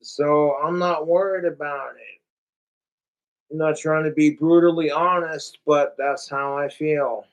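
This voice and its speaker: A man's voice: fairly high pitch, fairly even intonation, measured pace, low-quality recording. A young man ranting profanely and rambling on a casual livestream, talking straight to his chat.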